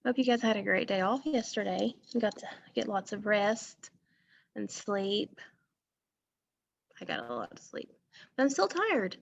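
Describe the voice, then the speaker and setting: A woman's voice: medium pitch, very animated, measured pace, creaky, long pauses. A woman teacher giving an online phonics lesson from a school music room, patiently repeating words and asking questions.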